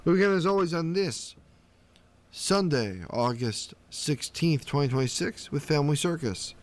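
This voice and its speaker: A man's voice: fairly high pitch, expressive, moderate pace. A man reading comic strips aloud for a radio reading service, in a plain, easygoing way with small fillers.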